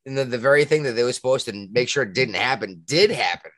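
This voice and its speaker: A man with a Massachusetts accent co-hosting a podcast in casual chat, talking in an animated way that jumps high when he gets worked up. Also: fast, dry recording, clean studio sound. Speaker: podcast co-host.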